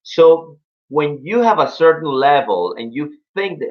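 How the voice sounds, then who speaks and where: A young man gives an upbeat English lesson over a live stream, slowing down and drawing out the words he wants to stress. His voice sits in a middle pitch. The sound is a little dull and lo-fi. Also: lively intonation. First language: Spanish. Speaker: English teacher.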